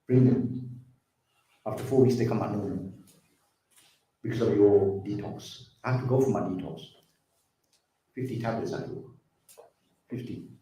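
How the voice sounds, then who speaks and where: This man's voice sits on the low side and sounds mellow; he talks at a normal speed but leaves long pauses. His sincere community talk about drug addiction repeats itself and calls the audience brothers and sisters, captured from a distance in a very echoey hall.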